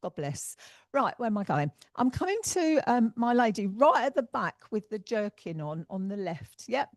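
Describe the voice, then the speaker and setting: An English woman medium passing on spirit messages to a congregation. She talks in a chatty, affectionate way, calling people darling and my lovely, in a middle-pitched voice. The sound is close and dry. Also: big pitch swings, moderate pace, no echo. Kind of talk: giving spirit messages at a service. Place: spiritualist church service.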